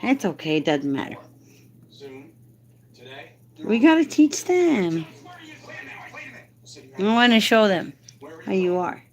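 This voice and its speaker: A woman's voice: mid-range voice, sing-song, slow pace, long pauses, a little mellow. A woman hosting a casual live stream, coaxing and doting as she talks to a man beside her.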